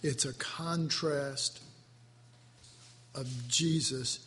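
A male preacher giving a sermon, slow and emotional, drawing out his words as he is moved to his core. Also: medium pitch, steady tone, a bit bright. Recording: reverberant hall, faint ambience.

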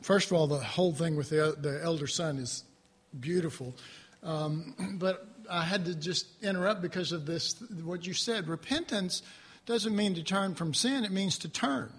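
High bright husky guy preaching, earnest and animated, keeps clearing his throat. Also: normal speed. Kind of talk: conversational Bible teaching.

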